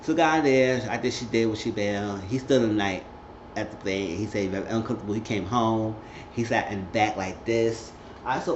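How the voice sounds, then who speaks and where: A man's voice: lowish voice, fairly quick, slight background noise. A man vlogging a casual, rambling recap who keeps jumping into voices for the characters. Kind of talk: casual chat. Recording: roomy lo-fi home recording.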